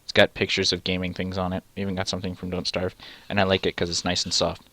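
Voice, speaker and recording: Man, low voice, gamer reading text game, sarcastic asides, dry close mic. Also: completely flat delivery, fast talker, pushed and bright, no room sound. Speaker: let's play gamer.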